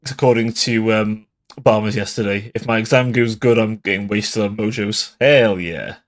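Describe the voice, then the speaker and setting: A man's voice: lowish voice, fairly even intonation, normal speed. A tipsy man giving casual livestream commentary on a strategy game, swearing often and laughing between remarks. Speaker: game streamer.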